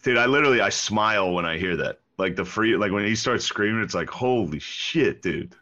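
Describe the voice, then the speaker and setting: Man from Pennsylvania, very low voice, laid-back, rambling, comedian guest, muffled lo-fi sound. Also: quick pace, pushed and bright. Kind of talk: casual chat.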